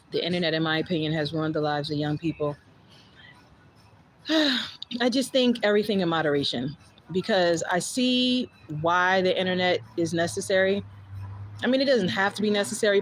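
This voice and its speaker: A woman's voice: on the low side, slight background noise, poor audio. A woman with a New Jersey accent chatting casually on a livestream, blunt and candid, swearing freely and answering viewer comments. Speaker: livestream host.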